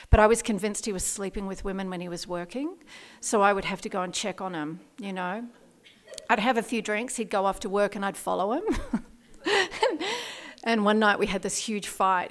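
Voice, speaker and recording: A middle-aged Australian woman speaking candidly at a recovery meeting, telling her own story with self-deprecating laughs. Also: medium pitch.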